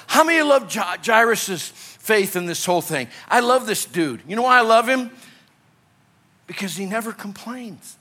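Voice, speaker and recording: A male pastor from Illinois, preaching an animated sermon that swings between loud urgency and quiet, hushed moments. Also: high-pitched, moderate pace.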